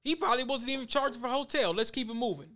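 A man's voice: extremely high pitch, animated, fast talker, bright, forceful tone. A man reading news aloud and breaking in with heated, emphatic, repetitive commentary to his viewers. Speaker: commentary vlogger.

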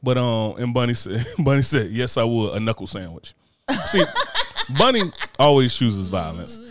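Male co-host, loose animated chatter, swears freely, dead-dry sound. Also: medium pitch, normal speed, no room sound. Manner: animated, profane, laughing asides. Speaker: podcast co-host. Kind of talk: casual banter.

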